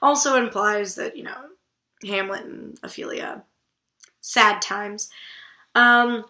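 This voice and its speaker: Blunt, bright-voiced woman vlogger. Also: medium pitch, slow, echoey room. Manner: blunt and irreverent, swears casually. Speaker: book vlogger host. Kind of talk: casual literary commentary.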